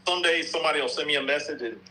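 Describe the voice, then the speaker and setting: A man's voice: a little high, racing, a loud crowd, low-quality recording. A middle-aged man from North Carolina chatting casually on a podcast, rambling and repeating himself with the odd curse word. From North Carolina, USA. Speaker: softball bat reviewer and podcast guest.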